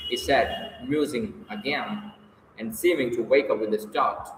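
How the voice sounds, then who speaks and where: Male audiobook narrator, measured storytelling, roomy echo and faint background hiss. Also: mid-range voice, fairly bright tone. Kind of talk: reading a classic novel aloud. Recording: echoey hall, distant mic, faint hiss.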